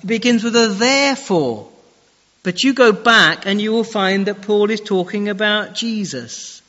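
In a church, a high-voiced man delivers a sermon, firing pointed, challenging questions at his listeners at a measured pace and in a sharp tone. A long reverb carries his words, and the recording sounds dull and lo-fi.

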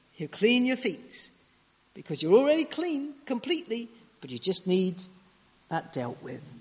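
A man preaching a sermon with emphatic, repeated phrases and sharp rises and falls. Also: high-pitched, in a large hall.

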